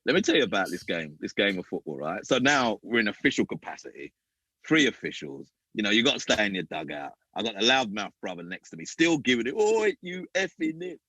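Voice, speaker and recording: A man, a podcast guest and former youth football coach, telling animated stories and acting out other people's voices. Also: fairly low pitch, quick pace, breathy edge, no room sound, low-quality recording. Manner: acts out other people's voices, lively and emphatic. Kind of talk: animated storytelling.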